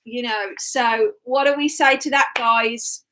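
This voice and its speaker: A woman, a pastor co-hosting a casual church livestream, chatty and teasing with quick asides. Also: on the high side, steady tone, background noise. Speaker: pastor co-hosting a live stream.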